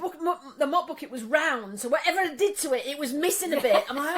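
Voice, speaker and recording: Sweary, animated woman. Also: high-pitched, quick pace. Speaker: podcast co-host. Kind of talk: casual chat.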